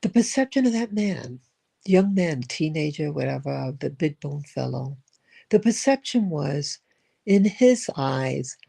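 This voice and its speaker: Slow, gravelly older storyteller. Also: medium pitch, expressive, warm tone. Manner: rambling, with frequent repeats and restarts. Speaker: spiritual vlogger. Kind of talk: reflective storytelling monologue.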